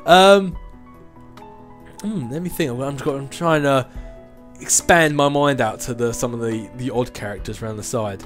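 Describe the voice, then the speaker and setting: Young male vlogger in his twenties, mid-pitched and conversational, rambling through viewer questions with restarts, faint music under him. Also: a little slow. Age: 20s. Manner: rambling, chatty, with frequent restarts and laughs. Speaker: YouTube channel host answering viewer questions. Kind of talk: casual chat.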